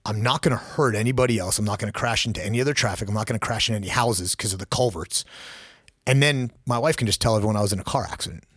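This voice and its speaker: A man's voice: fairly low pitch, very fast, fairly bright tone, breathy edge, dry recording, studio quality. A man in his forties, a former law enforcement officer, telling a personal story as a podcast guest, blunt and raw, swearing freely.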